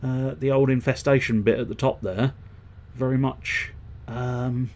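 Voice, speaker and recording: A man's voice: medium pitch, steady tone, unhurried, a little mellow. A man streaming a video game who rambles and swears as he thinks aloud while customizing his gear. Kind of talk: casual let's-play commentary.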